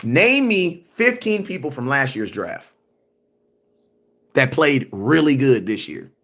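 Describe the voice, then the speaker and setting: A man's voice: medium pitch, lively intonation, takes it slowly, fairly bright tone. A man hosting a sports livestream, ranting emphatically in slangy, repetitive talk and answering viewer comments. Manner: emphatic and repetitive, slangy, often asks "you know what I'm saying". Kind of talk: animated livestream rant.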